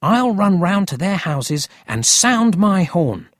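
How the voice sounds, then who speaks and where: A narrator voicing a cheeky, excited city boy in a storybook reading. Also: mid-range voice, slow pace, dry recording, studio quality, pitched above the performer's own voice.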